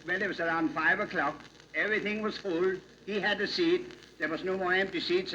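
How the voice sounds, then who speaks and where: A man's voice: sits high, sharp tone. A man playing a rambling old Pennsylvania Dutch professor who tells jokes in dialect, on a dull, hissy old recording. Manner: folksy, rambling joke-telling in dialect. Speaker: comic monologue character. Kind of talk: vintage comedy routine.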